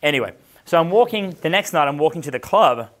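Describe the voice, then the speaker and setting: A man's voice: a little high, lively intonation, fast. A man working as a dating coach, telling casual stories in a brash, profane way, laughing often and acting out the voices of the people in his stories. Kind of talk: casual storytelling chat.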